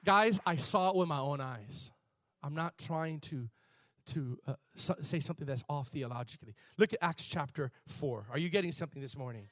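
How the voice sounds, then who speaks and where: A man preaching a sermon in an animated, conversational way, shifting from soft asides to shouts. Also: fairly high pitch, moderate pace, few pauses, no echo, studio quality. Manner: conversational, laughs and repeats words. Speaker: pastor.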